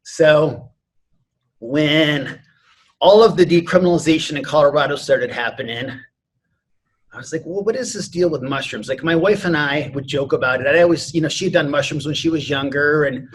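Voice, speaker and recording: A man's voice: fairly high pitch, normal speed, slight background noise. A man in his forties, a martial arts instructor and podcast guest, telling a personal story in an earnest, rambling way with lots of "you know" fillers.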